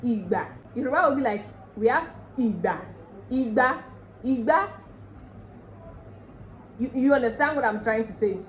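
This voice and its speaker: A woman with a Nigerian accent teaching a casual language lesson, repeating words slowly and often checking that viewers follow. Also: a little high, lively intonation, a little hiss or hum, rough recording.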